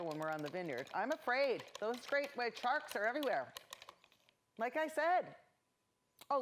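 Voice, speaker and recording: Middle-aged woman, higher voice, chatty painting host who rambles into funny stories. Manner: rambling, self-mocking anecdotes while painting.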